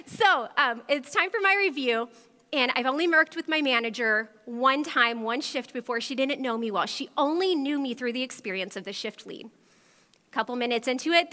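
A woman pastor in her thirties preaching a sermon to a church audience, telling a personal story in an animated way and speaking directly to the crowd. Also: sits high. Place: large church hall. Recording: long hall reverb.

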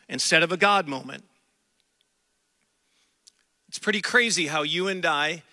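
A man preaching a sermon, delivering it emphatically with slowed, dramatic stretches and acted-out quotes. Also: a little high, sharp tone, dry recording. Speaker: pastor.

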